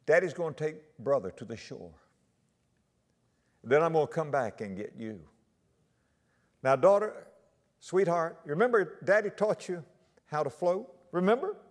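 A man preaching, voicing a young father who gently urges his daughter and then shouts desperately for help, in a reverberant hall. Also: mid-range voice, wildly swooping pitch, moderate pace, creaky, hardly any pauses, slightly rough, exaggerated voice. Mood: tender urging. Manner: pleading, rising to desperate shouts. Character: frantic loving young father.

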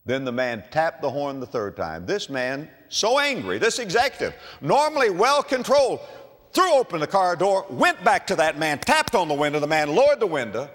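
A man preaching a sermon, telling a story and moving between quiet asides and loud exclamations. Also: a little high, very animated, normal speed. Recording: long reverb of a large hall.

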